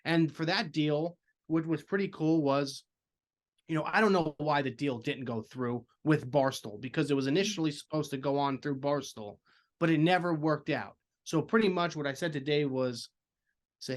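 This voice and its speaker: Guy guesting on a podcast, talks earnest and rambly, kinda high voice. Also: normal speed. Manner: earnest, heavy on filler phrases. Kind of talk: casual chat.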